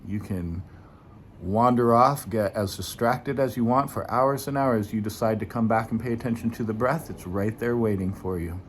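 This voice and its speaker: Male meditation teacher, lowish voice, gentle and unhurried, relaxed dharma talk into guided meditation. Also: slight background noise. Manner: gentle, unhurried, informal with light laughter.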